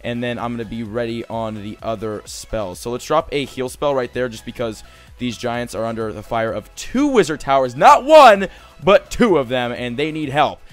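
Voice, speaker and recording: A young man giving casual, excitable commentary over his own gameplay, swearing and growing frustrated as things go wrong. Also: mid-range voice, moderate pace, soft background music. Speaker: gaming commentator.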